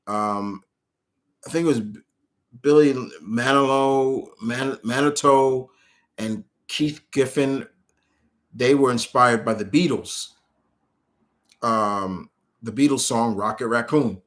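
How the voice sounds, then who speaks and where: A man's voice: mid-range voice, slow pace, long pauses, a bit bright. A man streaming live, answering viewers' questions in a rambling, casual way with many restarts.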